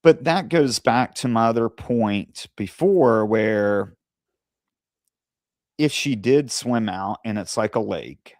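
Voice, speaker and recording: A man co-hosting a casual discussion, speaking in a measured, careful way with pauses and fillers. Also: on the low side, darkish tone, no room sound, studio quality. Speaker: co-host.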